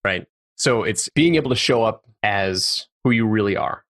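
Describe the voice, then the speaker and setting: A man's voice: lowish voice, lively intonation, moderate pace, a bit bright. Affirming man hosting a podcast interview. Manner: affirming, reflective questioning. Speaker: podcast host, entrepreneur.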